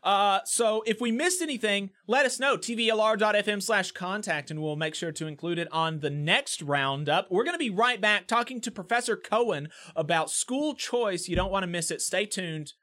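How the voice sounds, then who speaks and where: A man's voice: high-pitched, expressive, moderate pace, few pauses, pushed and bright. A man hosting a labor news podcast, reading a news roundup with opinionated, sarcastic commentary.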